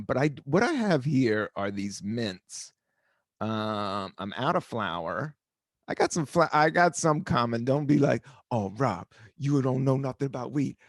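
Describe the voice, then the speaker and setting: A man's voice: medium pitch, dry recording, clean studio sound. A man hosting his own podcast, talking casually in a laid-back, rambling way that jumps between topics and sometimes turns playfully sing-song. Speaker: podcast host and comedian. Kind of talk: casual solo podcast monologue.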